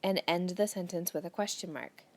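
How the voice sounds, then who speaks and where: A woman's voice: on the low side, moderate pace, darkish tone. A woman teacher patiently talking young students through a grammar worksheet, reading the sentences aloud and explaining each step. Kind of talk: recorded grammar lesson for children.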